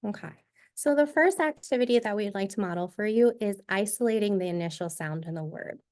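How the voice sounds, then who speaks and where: A woman leads a teacher-training session, demonstrating a reading activity one step at a time in a clear, instructive manner. Her medium-pitched voice is animated and rather darkish, and she speaks fairly quickly.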